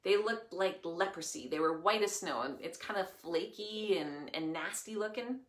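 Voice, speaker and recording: A woman, telling a Bible story to children in an expressive, chatty way. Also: on the low side, normal speed, roomy sound. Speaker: children's church leader.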